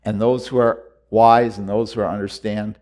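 A man preaching a sermon, earnest and repetitive, moving between quiet reflective lines and loud urgent exhortations. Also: lowish voice, flat delivery, moderate pace.

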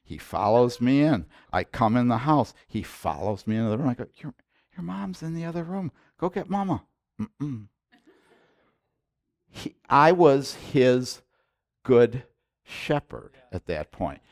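An older man preaching a sermon in a conversational storytelling way, moving between soft asides and loud preaching. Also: medium pitch, very animated, measured pace, dry recording, clean studio sound. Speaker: pastor.

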